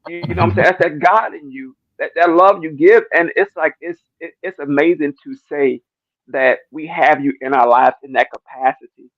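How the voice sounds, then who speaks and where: Man, fairly high gravelly voice, tearful church testimony, repeats himself, dull muffled stream audio. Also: moderate pace, no room sound. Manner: repetitive, stammering, keeps asking "you know what I'm saying". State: near tears. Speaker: speaker in a church discussion. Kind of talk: emotional testimony.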